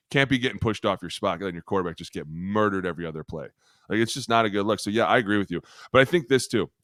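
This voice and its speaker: A man co-hosting a football podcast, loud and animated, swearing through his rants. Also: on the low side, dry recording, studio quality. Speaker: podcast co-host, former lineman. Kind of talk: profane sports banter.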